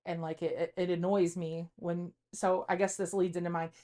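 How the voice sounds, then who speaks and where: A woman's voice: fairly low pitch, level tone, moderate pace, warm tone. A woman in her thirties co-hosting a podcast, speaking candidly and confessionally in casual chat, rambling with frequent fillers. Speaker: podcast co-host.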